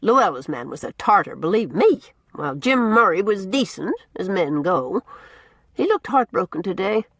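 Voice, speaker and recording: A woman voicing a brisk, outspoken older village woman with blunt, gossipy opinions. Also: mid-range voice, big pitch swings, fairly bright tone, breathy edge, dry recording, exaggerated voice.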